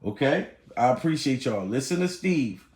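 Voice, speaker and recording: A man's voice: mid-range voice, expressive, normal speed, darkish tone, roomy sound. A man giving blunt, joking, profane commentary on a live stream as he reacts to clips. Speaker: YouTube commentator.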